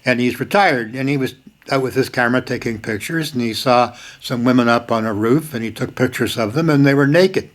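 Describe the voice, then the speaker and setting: A man's voice: medium pitch, a little fast. An older man talking straight to the camera, emphatic, repeating key lines and breaking into sudden bursts of force. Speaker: video host. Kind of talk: casual spoken commentary.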